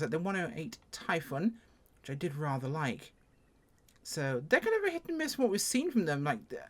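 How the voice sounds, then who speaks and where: Here an English-accented voice from England offers a laid-back first-look review of a plane in a flight sim. The delivery is chatty and self-deprecating, marked by sudden jumps in pitch.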